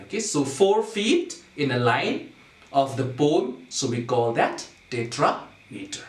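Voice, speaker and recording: A male teacher walks a class through poetic meter, repeating each point and stopping to ask "okay?". He speaks very slowly and deliberately. His voice sounds distant from the mic in an echoey room. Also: on the high side. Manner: slow, repetitive, checks understanding with "okay?".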